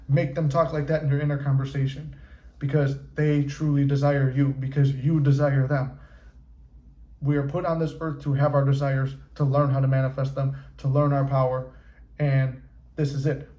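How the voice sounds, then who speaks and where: A man talking through manifestation in a loose, casual monologue, swearing freely and staying animated. His voice sits a bit high but mellow and soft-edged. The sound carries the ring of an echoey room. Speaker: manifestation coach.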